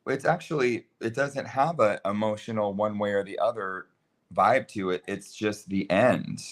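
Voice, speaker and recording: A young man co-hosting a casual chat show with his mother, easygoing and quick to laugh. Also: lowish voice. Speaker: co-host.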